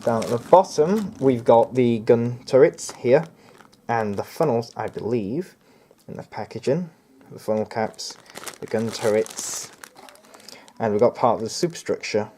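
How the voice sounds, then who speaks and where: A man's voice: medium pitch, lively intonation, measured pace, warm tone, a little hiss or hum. A young man giving a casual unboxing review of a model kit, rambling, hesitant and often correcting himself. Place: home near a road.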